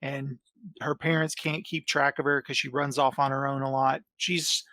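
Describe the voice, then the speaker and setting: A man chatting as a podcast guest, relaxed and easygoing as he recounts scenes. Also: medium pitch, normal speed, dry recording, studio quality. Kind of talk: casual chat.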